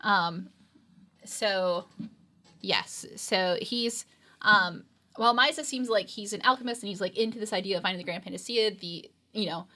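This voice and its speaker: A woman's voice: mid-range voice, moderate pace, bright, forceful tone. A woman co-hosting an anime reaction show, recapping episodes in a rambling, filler-heavy casual chat.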